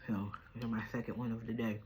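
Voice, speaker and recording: A woman's voice: a bass voice, flat delivery, a little fast, darkish tone, a little hiss or hum. A woman hosting a casual home video chat, playful and chatty, often laughing. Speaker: vlogger host. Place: at home indoors. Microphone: camera.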